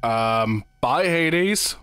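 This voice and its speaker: A man's voice: mid-range voice, lively intonation, extremely slow, a bit bright, clean tone, no echo. Offhand man commenting on a game. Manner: offhand, muttering reactions to the game. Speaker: gaming streamer. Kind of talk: casual let's play commentary.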